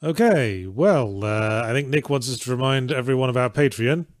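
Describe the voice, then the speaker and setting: Male co-host, mid pitch, dry wit, casual banter, dry close sound. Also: lively intonation, moderate pace, no echo. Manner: dry, wry remarks. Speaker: stream co-host. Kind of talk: casual chat.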